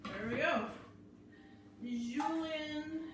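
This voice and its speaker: Speaking very slowly in a high-pitched voice, a woman talks her way through each step of a live cooking class while chopping and preparing food in a kitchen. The mic sits far away in a very echoey room, with background noise.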